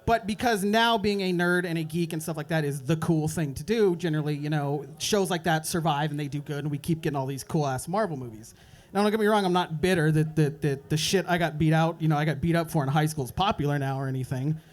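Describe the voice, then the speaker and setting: A young man doing a stand-up set at an open mic night, telling a rambling story and dropping into quick voices for the people in it. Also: fairly high pitch. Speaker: stand-up comedian. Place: open mic comedy club.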